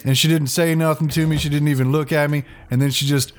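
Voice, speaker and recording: A man's voice: a little high, little pitch movement, fast talker, lightly acted. Man playing Abraham, happy-go-lucky adventurer, stammering, cheerful, chatty.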